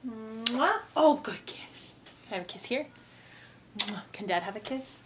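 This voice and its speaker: Mom doing slow singsongy baby talk w her toddler at home, high voice, keeps laughing. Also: expressive, noisy background. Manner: sing-song, coaxing, laughing often. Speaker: mother. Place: family home.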